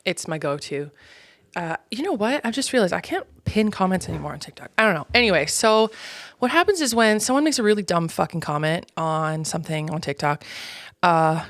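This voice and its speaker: A woman's voice: on the low side, lively intonation, fairly quick, no room sound, studio quality. Profane, unfiltered Canadian woman host. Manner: casual, rambling with many fillers. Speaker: podcast host. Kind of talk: solo podcast monologue.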